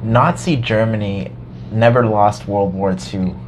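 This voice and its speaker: A young man telling a high school story in casual chat, animated, swearing often and acting out his past self. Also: measured pace, noisy background.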